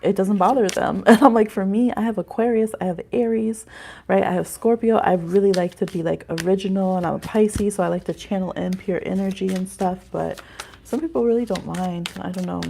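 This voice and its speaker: A woman's voice: mid-range voice, fairly even intonation, fairly quick, vocal fry, mellow, slight background noise. A woman hosting a live astrology reading stream, chatting casually and rambling with frequent laughter.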